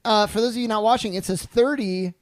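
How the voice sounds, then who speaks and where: A man's voice: high voice, quick pace, dry recording. A man co-hosting a podcast in casual chat, joking and teasing his friends as he tells stories. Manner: joking, teasing, animated storytelling. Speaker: podcast co-host.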